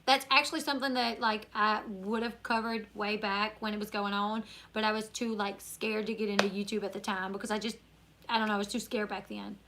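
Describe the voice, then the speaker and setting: A woman's voice: medium pitch, little pitch movement, fairly quick, bright, forceful tone, slight background noise. A tired woman from Northern Louisiana with a country accent, hosting a casual live-stream Q&A, chatting and reading viewer comments aloud. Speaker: YouTuber live-stream host.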